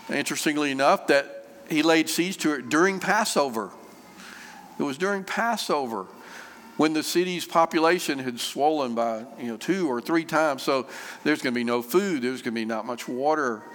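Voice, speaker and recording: A man preaching a sermon, unhurried and conversational, with frequent fillers and repeated phrases. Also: mid-range voice, a bit bright, slight background noise. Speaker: pastor. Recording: long reverb of a church hall.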